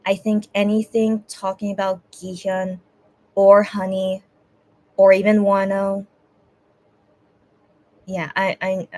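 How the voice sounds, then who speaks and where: Hosting a casual livestream, a young woman speaks in a medium-pitched, dark, monotone voice, going slowly with frequent pauses. She keeps hesitating and starting over, teary and close to crying.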